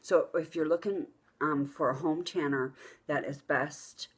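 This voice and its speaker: A husky, lower-pitched woman in middle age chats straight to her viewers. She tells stories bluntly and with plenty of profanity, animated and unfiltered. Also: unhurried. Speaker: vlogger. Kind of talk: casual storytelling to camera.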